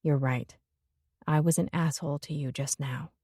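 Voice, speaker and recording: A woman's voice: low-pitched, fairly even intonation, normal speed, mellow, breathy edge, no room sound, clean studio sound, voice pushed down. Woman voicing a sardonic brooding rock musician. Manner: mocking, drawling.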